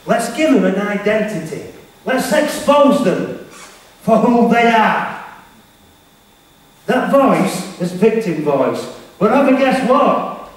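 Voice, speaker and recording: High-voiced man giving an emphatic speech. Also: sing-song, takes it slowly, long pauses. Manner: emphatic, repetitive, addresses audience directly. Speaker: motivational speaker. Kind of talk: motivational keynote speech. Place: large hall with teenage audience. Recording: echoey hall from far off.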